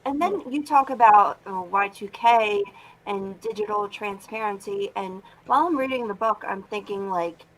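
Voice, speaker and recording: A woman's voice: medium pitch, moderate pace, a bit bright, low-quality recording. A female co-host asking the guest questions in a casual way, with many "like" fillers. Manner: casual, fills with "like". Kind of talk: podcast interview.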